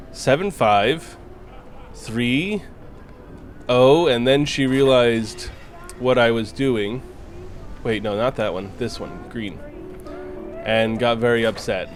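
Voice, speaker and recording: A man's voice: mid-range voice, low-quality recording. A man streaming a game live, chatting casually with viewers, joking, teasing and swearing freely.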